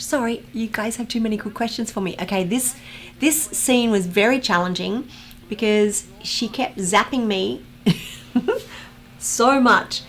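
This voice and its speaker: A woman chatting casually on a live stream, reading viewer comments aloud and greeting chatters with bursts of excitement. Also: medium pitch, takes it slowly. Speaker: actress hosting a watch-along chat.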